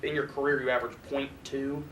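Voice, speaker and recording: A man's voice: medium pitch, level tone, fast, a bit bright, distant mic. A man co-hosting a sports chat show, ribbing the host with playful questions. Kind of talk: teasing casual chat. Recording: roomy echo with faint noise.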